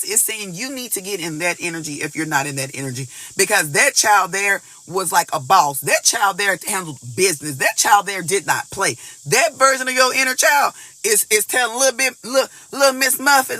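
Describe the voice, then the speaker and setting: A man with a high, very bright voice gives a casual tarot reading to his viewers. He talks in an animated rush, swears often and circles back over his own words. The sound is close and dry. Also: a little fast, hardly any pauses, no room sound. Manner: animated, cursing, repeats words and phrases. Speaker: tarot reader.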